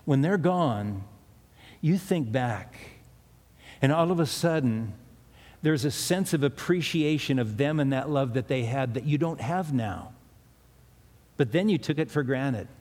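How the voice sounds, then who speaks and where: A man's voice: medium pitch, expressive, unhurried, pauses often, darkish tone. A middle-aged man preaching a sermon as pastor, retelling scripture in a conversational storytelling way with personal asides. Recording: echoey hall with long reverb.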